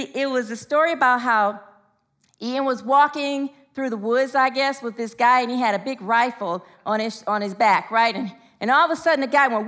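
A middle-aged woman minister preaches in a high voice, drifting into anecdotes and laughing at her own stories. Her tone is bright and forceful, and she jumps up in pitch when she acts out what others said. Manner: storytelling with frequent laughs and asides, rising excitedly for quotes. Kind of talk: sermon.

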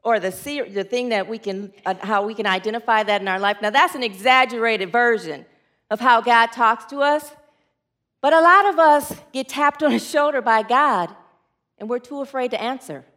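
A woman preacher delivers a humorous sermon in a high, lively voice. She talks with the congregation in a loose, chatty way. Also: moderate pace. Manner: lively, chatty with the audience, laughs easily.

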